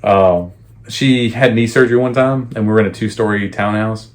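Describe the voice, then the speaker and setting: A man's voice: on the low side, moderate pace. A young man co-hosting a podcast, telling childhood stories in casual chat, swearing freely and laughing often. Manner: profane, joking, laughs often. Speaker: podcast co-host.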